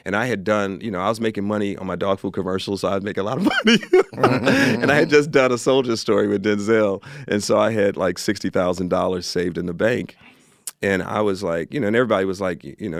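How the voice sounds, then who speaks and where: A man's voice: on the low side, quick pace, vocal fry, dry recording. A man from Chicago, an actor and filmmaker, telling stories as a podcast guest and acting out the people in them. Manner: animated, acts out the people in his stories. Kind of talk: storytelling in a podcast interview.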